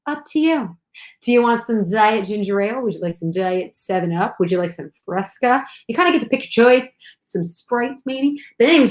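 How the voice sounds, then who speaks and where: A woman chatting casually on a livestream, bubbly and excitable, talking straight to viewers. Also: medium pitch. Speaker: co-host. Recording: echoey room.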